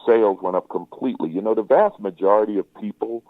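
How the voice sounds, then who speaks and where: A man's voice: lowish voice, fast, no room sound, phone-quality sound. A man talking as a guest comedian in a casual interview, with a wry, joking manner.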